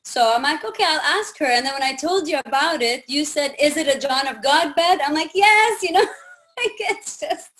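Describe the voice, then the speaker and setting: A woman with a bright, high voice tells her stories with animated energy. She acts out each exchange with quick laughs and lots of "like" and "I'm like." It sounds like casual chat between friends. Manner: animated, acts out quoted dialogue, laughs often. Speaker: podcast guest. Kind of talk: casual storytelling.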